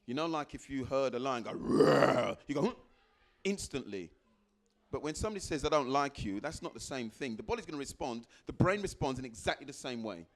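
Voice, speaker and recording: A man giving a motivational talk to a live audience, repeating phrases for emphasis and acting out little exchanges with sudden jumps into a high voice. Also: a little fast. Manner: animated, acts out little dialogues with sudden high jumps in pitch. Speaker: guest speaker.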